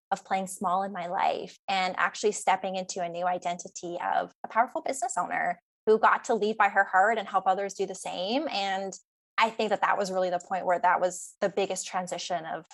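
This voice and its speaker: A young adult woman, a guest coach on a podcast, telling her story in an earnest, flowing way. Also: medium pitch. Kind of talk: podcast interview.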